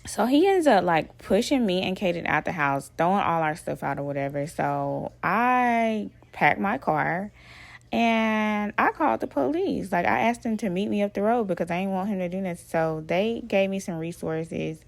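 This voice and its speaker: Gravelly woman telling a story. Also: mid-range voice, moderate pace, dry recording. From Alabama. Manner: animated, profane, addresses listeners as y'all. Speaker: vlogger. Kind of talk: casual personal storytelling.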